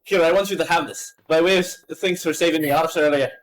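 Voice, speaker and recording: A man's voice: fairly high pitch, fast, slight background noise, close to an everyday voice, rough recording. A man putting on a Scottish game character. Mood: theatrical. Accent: Scottish, put on. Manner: flowery old-fashioned speech, stumbling over words. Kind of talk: reading game dialogue aloud.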